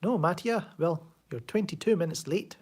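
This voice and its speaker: Husky Glaswegian man rambling on a stream. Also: sits high, normal speed, darkish tone. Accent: Glaswegian Scottish. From Scotland. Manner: rambling, sardonic, reads chat aloud. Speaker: live stream host. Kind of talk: casual live stream chat. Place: home room.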